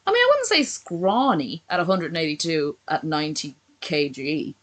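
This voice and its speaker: A woman's voice: deep voice, big pitch swings, normal speed, poor audio. A woman streamer reacting live to a video, sarcastic and swearing constantly in casual commentary.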